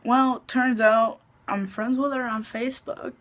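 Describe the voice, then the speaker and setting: A woman telling a story time to camera in an easygoing, chatty way. She drawls along at an unhurried pace, peppering everything with "like" and dropping swear words without a second thought. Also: fairly high pitch, fairly even intonation. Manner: chatty, heavy use of "like", swears freely. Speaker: vlogger.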